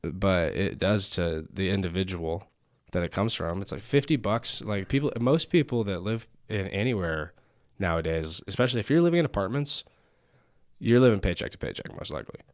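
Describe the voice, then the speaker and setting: Young male podcast host with a very low voice, dry and close on the mic; loose, rambling, profane chat. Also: expressive, fairly quick, no room sound. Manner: rambling, swears often, many fillers. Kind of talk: casual chat.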